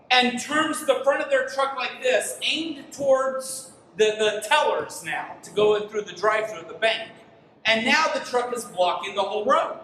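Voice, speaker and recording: A man in his thirties preaching a sermon as pastor, telling stories in an animated way and sounding tired from little sleep. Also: extremely high pitch, a little hiss or hum. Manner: animated storytelling, rising to near-shouts in frustration. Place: church sanctuary. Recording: echoey room, mic at a distance.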